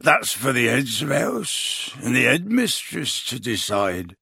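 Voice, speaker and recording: A man voicing a huge, gruff half-giant groundskeeper who speaks slowly in a rustic dialect. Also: mid-range voice, big pitch swings, sharp tone, no room sound, studio quality, heavily acted. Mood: tearful. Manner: rustic dialect, slow and tearful.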